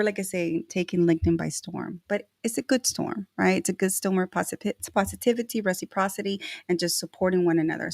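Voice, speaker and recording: Gushy lady cohost, lowish voice, slangy and emotional, dry close sound. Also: dry recording. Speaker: podcast co-host. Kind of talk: casual live-stream chat.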